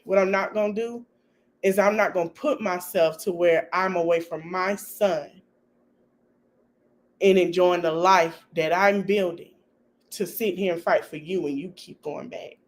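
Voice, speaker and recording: Emphatic scolding woman livestreamer. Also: fairly low pitch. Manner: emphatic, repetitive, scolding advice with profanity. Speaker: livestream host. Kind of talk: casual livestream commentary.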